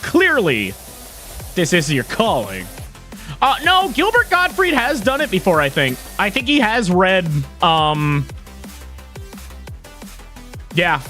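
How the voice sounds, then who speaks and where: A man's voice: high-pitched, huge pitch swings, slow pace, pauses often, bright, forceful tone, soft background music. Profane, giggly young male streamer. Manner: profane, giggly, self-mocking. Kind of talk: casual live-stream chat while gaming.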